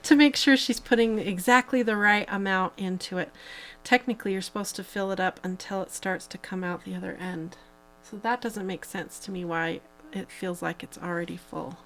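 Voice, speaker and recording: A woman's voice: medium pitch, steady tone, moderate pace, soft background music, rough recording. A woman hosting a live craft tutorial, chatting casually as she demonstrates each step, with plenty of fillers. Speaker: host.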